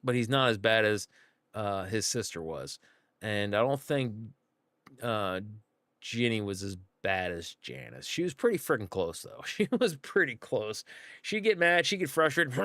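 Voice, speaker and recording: A man's voice: mid-range voice, fairly bright tone, no echo, clean studio sound. A middle-aged man chatting casually on a livestream, rambling, with lots of fillers and acted-out quotes. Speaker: streamer. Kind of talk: casual livestream chat to viewers.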